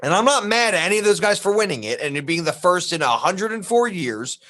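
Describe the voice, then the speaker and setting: Man from the East Coast, podcast co-host, lively swooping pitch, a bit high, rambling chatter. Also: a little fast. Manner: rambling, animated, drops into mock voices. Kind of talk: casual chat.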